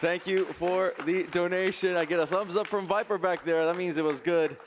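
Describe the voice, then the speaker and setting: Playful high-voiced man, noisy stream. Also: fairly even intonation, normal speed. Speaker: donation reader. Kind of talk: live stream shoutouts. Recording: noisy event stream audio.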